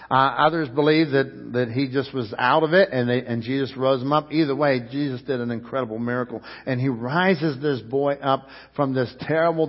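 A man pastor preaches with fervor, his voice swelling loud and then dropping low, often stumbling over repeated words. His slightly husky voice rings with a long reverb through a church sanctuary. The sound is a little dull and muffled. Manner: fervent preaching, rising and falling loudness, repeats words. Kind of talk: sermon.

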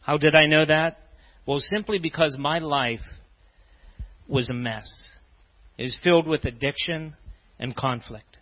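A man preaching a sermon, telling his own story and reading scripture in a measured, deliberate way. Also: fairly high pitch, big-room sound. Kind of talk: personal testimony sermon. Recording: dull muffled recording.

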